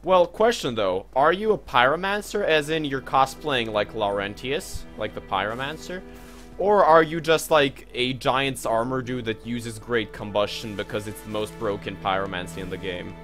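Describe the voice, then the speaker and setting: A young man streaming a game and chatting with his viewers in a loose, joking manner, full of fillers and swearing. His voice sits at an ordinary middle pitch. Faint game music runs in the background. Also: normal speed, fairly bright tone. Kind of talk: casual live-stream commentary.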